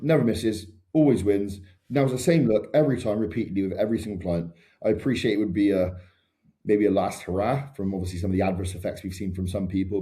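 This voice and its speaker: A man's voice: lowish voice, warm tone. A man co-hosting a casual podcast, trading crude, teasing banter. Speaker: podcast co-host, coach. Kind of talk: casual chat.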